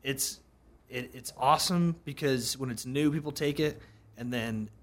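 A man's voice: mid-range voice, measured pace, a bit bright. A man from South Carolina, a guest musician in a casual interview, telling stories animatedly and acting out quoted dialogue.

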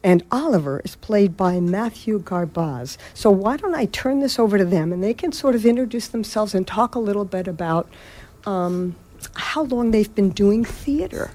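A woman theater director speaking in a radio interview, in a measured, thoughtful way with some fillers. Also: medium pitch, lively intonation, dark tone.

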